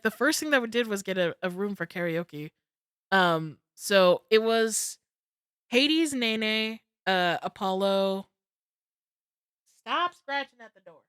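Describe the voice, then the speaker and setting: A young woman streamer telling a story in casual chat, excitable and swearing freely. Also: fairly high pitch, smooth, no room sound, clean studio sound.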